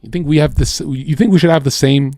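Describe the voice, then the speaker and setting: Mellow-voiced man ranting casually on stream. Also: a little high, brisk, dry recording, studio quality. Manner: profane, rambling, says "bro" and "like" a lot. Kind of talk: casual live-stream monologue. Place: home streaming setup.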